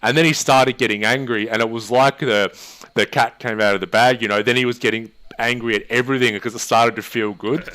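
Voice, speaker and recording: A man's voice: medium pitch, fairly quick, hardly any pauses. A man, a therapist co-hosting a podcast, chatting casually and retelling stories with energy. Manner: chatty storyteller, animated retelling. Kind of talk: casual chat.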